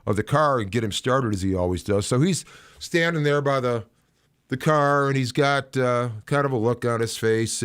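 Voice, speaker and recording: A man hosting a casual livestream rant about football, telling a story in a rambling way with many restarts and fillers, in a small sound-softened studio. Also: mid-range voice, dry recording. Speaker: host.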